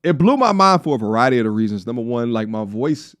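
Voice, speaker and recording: A man's voice: mid-range voice, animated, fast, a bit bright, dry recording, clean studio sound. A man from Long Island in his thirties with a faint New York accent, chatting loosely and jokingly as he reacts to a video on stream. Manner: loose, joking, slangy, breaks into song. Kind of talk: casual reaction-stream chat.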